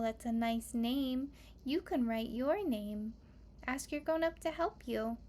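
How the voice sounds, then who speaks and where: Slow, high-voiced woman addressing children. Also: a little hiss or hum. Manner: gentle, patient, clear instructions. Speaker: teacher. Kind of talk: talking directly to children watching.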